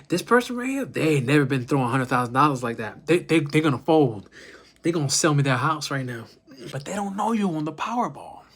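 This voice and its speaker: A man's voice: fairly high pitch, a bit bright. A man talking casually to the camera, rambling and swearing, who acts out little scenes with other people to make his point. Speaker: vlogger.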